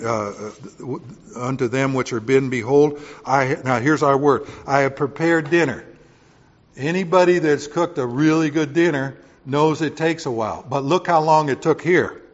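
A man preaching a sermon to his congregation in a folksy way, swinging from loud emphatic points to quiet offhand asides. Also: mid-range voice, muffled recording. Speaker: pastor.

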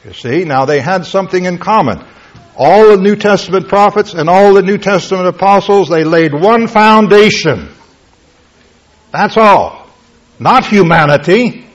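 A man's voice: high voice, lively intonation, measured pace. Emphatic preacher man, lo-fi recording. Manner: emphatic, explanatory, with rhetorical questions. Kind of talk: Bible teaching sermon. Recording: lo-fi, dull-sounding recording.

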